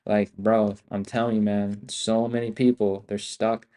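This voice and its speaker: A man's voice: fairly low pitch, little pitch movement, fast talker, hardly any pauses, dark tone. A man hosting a livestream as an options trader, talking in a hyped, profane, slangy way and repeating himself a lot. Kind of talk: casual livestream talk.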